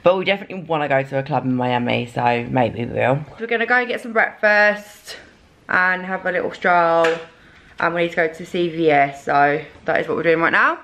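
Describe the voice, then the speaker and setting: A woman's voice: deep voice, expressive, brisk, a bit bright, slight background noise. A young woman in her twenties, chatting casually into a handheld camera for her vlog, full of fillers and casual swearing. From England. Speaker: vlogger.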